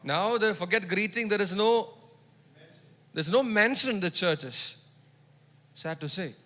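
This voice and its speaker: Male pastor mid-sermon, forceful bright tone, repeats key phrases, hall echo. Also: high voice, unhurried. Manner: emphatic, repeats phrases, urges the congregation to echo words; swings between loud exhortation and quiet teaching. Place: church hall. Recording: long hall reverb.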